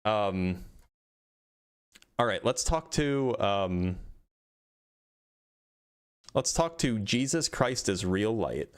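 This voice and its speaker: A man hosting an online debate, calmly asking short probing questions and repeating them. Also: fairly low pitch, extremely slow, pauses often, clean tone. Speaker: debate streamer host.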